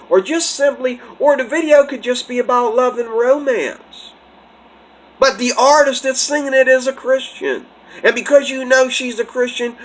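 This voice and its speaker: A man's voice: high voice, a bit bright, low-quality recording. Rambling man preaching to camera. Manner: rambling, repeats and restarts, bursts into laughter. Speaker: religious vlogger. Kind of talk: casual preaching monologue.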